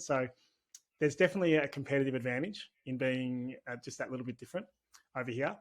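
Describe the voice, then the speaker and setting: A man's voice: a little high, quick pace. A man with an Australian accent, talking as a podcast guest in a chatty, candid, rambling way. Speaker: podcast guest, business owner. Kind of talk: casual conversational interview.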